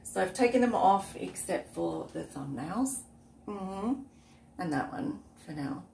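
A woman's voice: fairly low pitch, animated, measured pace, vocal fry, darkish tone. A woman, unwell with a cough, chatting in a rambling way while cooking for her vlog. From Australia. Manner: chatty, rambling, often trails off into asides. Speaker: vlogger. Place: outdoors on a windy day. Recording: roomy, far from the mic, faint background noise.

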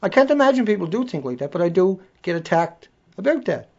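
Man, accented, livestream host, blunt rant, gravelly voice, muffled lo-fi sound. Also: high voice, very animated, fast talker, darkish tone. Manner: blunt, ranting, swears freely. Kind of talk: casual live-stream rant. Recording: dull lo-fi audio.

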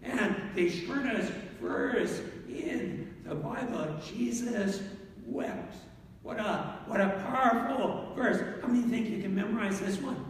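A male pastor preaching an animated sermon, reading scripture slowly and solemnly in old-fashioned wording. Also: sits high. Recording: echoey hall from far off, faint noise.

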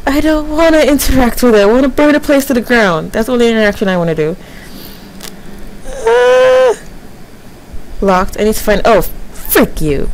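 A woman in her early twenties talks her way through a horror game, jittery and self-mocking, swinging between panic and grumbling. Her pitch sits in a middle range for a woman. A faint hiss runs under her desk-mic sound. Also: rough recording. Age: early 20s. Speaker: gamer. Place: home, windy night outside.

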